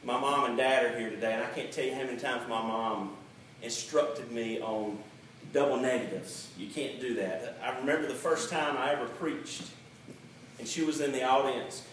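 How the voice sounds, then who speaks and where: A man preaching a sermon as pastor, emphatic, slowing down to stress the key words. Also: medium pitch, fairly even intonation, fairly bright tone, distant mic, a little hiss or hum. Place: church sanctuary. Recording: very echoey hall, mic set back.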